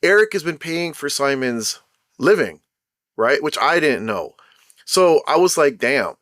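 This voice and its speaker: A young man of Caribbean background giving casual commentary as a show host, animated, acting out quotes as he retells. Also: fairly high pitch, unhurried, no room sound, clean studio sound.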